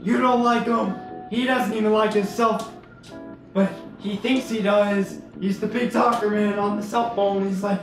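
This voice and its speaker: High-pitched guy for a comedic VR let's play, brash and loud, in a very echoey room. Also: steady tone, a little slow, soft background music. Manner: brash, loud, trash-talking. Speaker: gamer.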